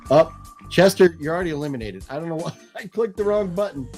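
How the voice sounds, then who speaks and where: A man's voice: fairly high pitch, faint music behind. A man hosting a live movie news stream, calling out giveaway names in a casual, chuckling, apologetic way. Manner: lively, apologetic, chuckling, drawn-out name calls.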